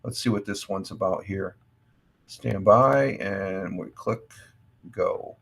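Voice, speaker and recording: A man's voice: low-pitched, slow, gravelly. Rambling American man hosting a morning stream. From United States. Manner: rambling, many fillers and restarts. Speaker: livestream host. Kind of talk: casual morning chat reacting to news.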